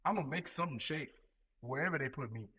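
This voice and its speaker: A man in his thirties, a Marine recruiting leader, talks as a podcast guest. He swears freely and tells his stories with animated repetition. His voice sits somewhat high for a man. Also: quick pace, husky, poor audio. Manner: profane, animated storytelling with repetitions. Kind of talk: casual podcast chat.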